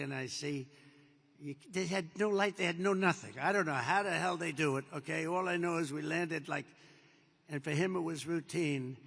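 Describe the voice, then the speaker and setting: An older American man with a bright, forceful voice on the high side speaks to troops as president at a large air base venue. He wanders through an off-the-cuff story, acting out dialogue and leaning on repeated superlatives. The recording carries the long reverb of a large hall.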